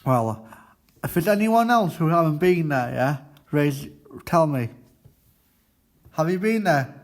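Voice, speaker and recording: A man presenting a student radio show in a halting, chatty way, often stopping to quiz his classmates in the studio. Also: a little high, expressive. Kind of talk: casual radio chat.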